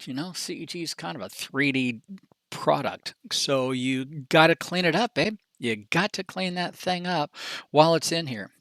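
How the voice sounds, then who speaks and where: A man giving a casual software training presentation in a folksy, chatty, animated way, with slangy asides. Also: a little high, no echo.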